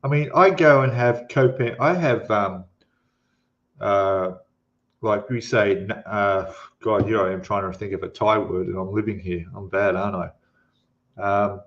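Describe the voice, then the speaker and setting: A middle-aged man hosts a casual live stream, rambling along at an unhurried pace. His voice sits a little low, and the sound is dull and lo-fi. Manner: chatty, rambling, greets viewers by name.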